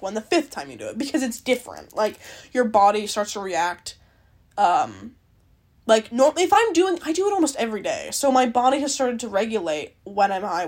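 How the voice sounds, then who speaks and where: A young woman hosting a podcast alone, chatting in a rambling, self-interrupting way and swearing freely. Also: mid-range voice. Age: young adult. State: dry-mouthed and out of breath. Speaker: podcast host. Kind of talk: casual solo chat.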